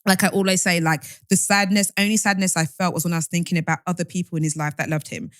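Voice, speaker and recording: A woman's voice: lowish voice, flat delivery, quick pace, no echo, studio quality. A young woman, co-hosting a podcast in candid, rambling casual chat. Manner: rambling, candid, restarts often. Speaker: podcast co-host.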